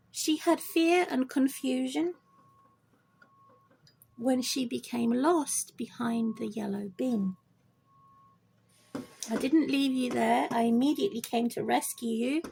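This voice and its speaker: A woman's voice: gravelly, darkish tone, slight background noise. A woman rambling to camera about her pet bird, repeating herself and turning to talk straight to the bird. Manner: rambling, repetitive, talks to her bird in a high sing-song. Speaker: pet owner vlogger.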